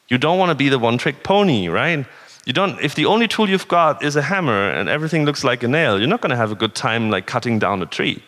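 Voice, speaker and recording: Male tech speaker from northern Germany, mid-pitched, earnest, long hall reverb. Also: very animated, quick pace, a bit bright. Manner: conversational, earnest, rhetorical questions. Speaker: conference speaker. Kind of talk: tech conference talk. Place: conference hall.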